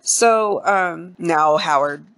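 Woman with a bright, forceful voice. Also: lowish voice, drawn-out words. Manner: slangy, profane, animated retelling. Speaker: podcast host. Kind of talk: casual movie recap.

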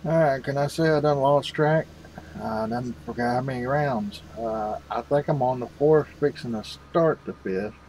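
A man's voice: medium pitch, moderate pace, a little mellow, slight background noise, poor audio. A man hosting a farming game video, rambling casually and calling his viewers "folks". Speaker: gaming channel host.

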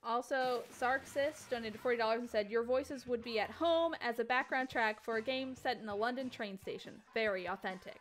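A woman hosting a charity game stream, chatting casually and reading donation messages aloud with excitement. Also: fairly high pitch, a little fast, few pauses. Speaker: host.

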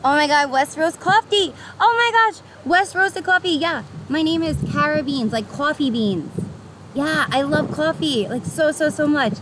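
A young woman with a New York accent, chatting casually and brightly with her live-stream viewers, greeting them by name and laughing often. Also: high voice, animated, measured pace. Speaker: livestreamer. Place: outdoors by the water on a pier. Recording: noisy outdoor stream with traffic.

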